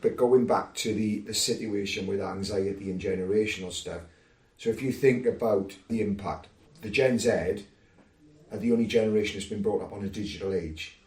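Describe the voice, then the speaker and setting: A man's voice: on the low side, moderate pace, a little mellow. UK man on a podcast panel, explanatory and thoughtful, roomy distant sound. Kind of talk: casual panel discussion.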